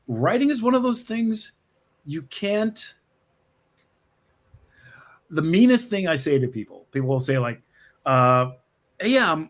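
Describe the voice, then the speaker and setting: A middle-aged man, a screenwriter, telling stories in an interview over a video call from his office, restarting sentences and laughing often. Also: fairly high pitch. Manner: animated storyteller, frequent restarts, laughs often. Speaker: screenwriter, guest. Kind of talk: conversational interview.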